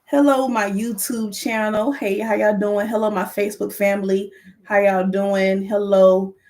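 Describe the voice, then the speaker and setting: A woman hosting her podcast livestream, talking straight to viewers, lively and excited. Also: medium pitch, unhurried. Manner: lively, excited, calls to the audience. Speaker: podcast host.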